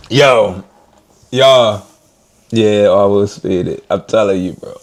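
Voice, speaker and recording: A man ranting casually to his live stream viewers in an animated, slangy way, often laughing. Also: fairly low pitch, very slow.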